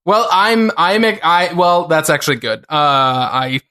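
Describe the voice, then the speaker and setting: A man's voice: on the high side, expressive, unhurried, bright, forceful tone, clean tone. Rambling, hesitant male podcast co-host. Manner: rambling, hesitant, many fillers. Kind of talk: casual chat.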